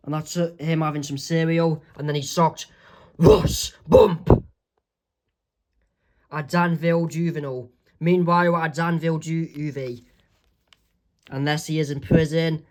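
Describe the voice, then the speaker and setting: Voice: medium pitch, level tone, a little slow, long pauses, a little mellow. A comic creator narrating their own strip in a rambling way, full of ums and self-corrections. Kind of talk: amateur comic read-aloud.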